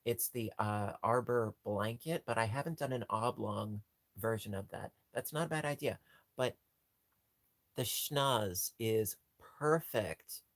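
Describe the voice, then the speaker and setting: A man hosting a casual livestream chat, gushing and jumping into a squeaky high pitch over cute things, rambling with frequent restarts. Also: a little slow, a bit bright, no room sound. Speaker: livestream host.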